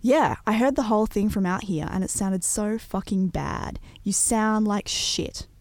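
A woman's voice: medium pitch, unhurried, dry recording, lightly acted. A woman voicing a drunk, hostile young man who snarls and barks taunts. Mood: aggressive. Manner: barking, belligerent taunts.

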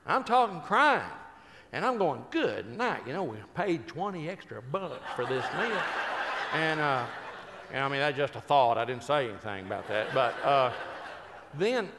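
A man's voice: medium pitch, big pitch swings, moderate pace, in a large hall, noisy background. An older man, a Christian speaker and humorist, telling folksy, joking stories that turn earnest. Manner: folksy, joking storyteller who turns earnest. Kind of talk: humorous storytelling talk.

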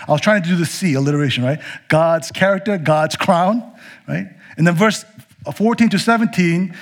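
A man preaching a sermon, earnest and expressive, slowing down to stress key phrases. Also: a little high. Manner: earnest, expressive, slows for emphasis. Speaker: pastor.

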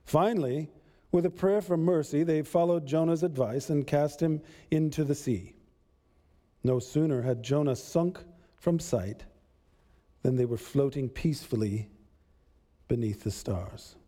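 A man telling a story in the first person, with a measured, deliberate delivery and pauses. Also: fairly high pitch, mellow.

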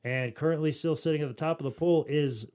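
Loud joking man hosting a podcast. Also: a little high, brisk, clean tone. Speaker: podcast host. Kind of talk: casual podcast chat. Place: home studio.

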